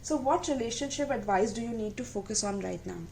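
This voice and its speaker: A woman's voice: on the high side, a little fast, creaky. A woman reads tarot straight to her viewers in an earnest, affectionate way. She keeps checking in with little asides to her listeners. A faint hiss sits under her voice. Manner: warm, repeatedly checks in with "okay?" and "my loves"; gentle, emotional and earnest. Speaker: tarot reader. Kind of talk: tarot reading to camera.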